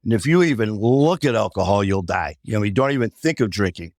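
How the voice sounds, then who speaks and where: Man, low voice, podcast guest, personal storytelling, acts out quoted dialogue, dry sound. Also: expressive, a little fast, a little mellow, no echo. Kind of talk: personal recovery story in an interview.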